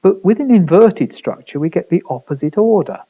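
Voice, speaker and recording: Measured male lecturer, dull recording. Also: high voice, expressive, mellow, husky. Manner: measured explanatory delivery with rhetorical questions and fillers.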